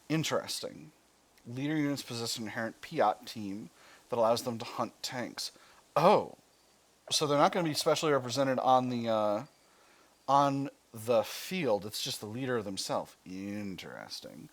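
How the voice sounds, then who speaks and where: A man with an American accent, hosting a gaming video, who reads in-game narration aloud in a measured way and breaks off into offhand commentary. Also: mid-range voice, animated. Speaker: gaming channel host. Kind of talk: reading game text aloud with let's-play commentary.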